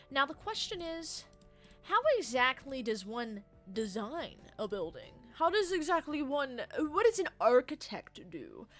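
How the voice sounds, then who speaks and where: Lively, rambling woman streamer. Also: high voice. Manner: rambling, distractible, bursts into loud excitement. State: tired from the late hour. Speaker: livestreamer. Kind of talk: casual late-night chat with viewers.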